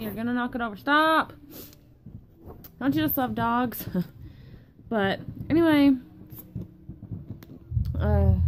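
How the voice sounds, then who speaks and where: A woman's voice: on the high side, background noise. Tired young woman rambling, swearing. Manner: rambling and profane, loses her train of thought. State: tired from lack of sleep. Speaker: vlogger. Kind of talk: casual rambling vlog chat.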